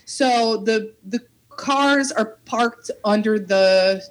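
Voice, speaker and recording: A young woman telling a story on a casual talk show, animated, acting out quotes and swearing freely. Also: fairly high pitch, extremely slow. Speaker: podcast host telling a story.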